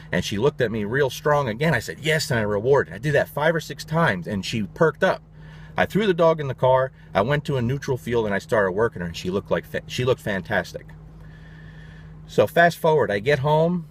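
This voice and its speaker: A middle-aged man who trains dogs, telling a story in a casual, animated and blunt way, with some swearing. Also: lowish voice, a little hiss or hum. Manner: animated, blunt and profane, quick restarts. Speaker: dog trainer.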